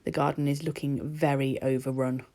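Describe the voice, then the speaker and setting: A woman's voice: very deep voice, little pitch movement, moderate pace, warm tone. A woman narrating her nail art in a chatty, rambling voice-over recorded at home. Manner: chatty and rambling, with laughs and ums.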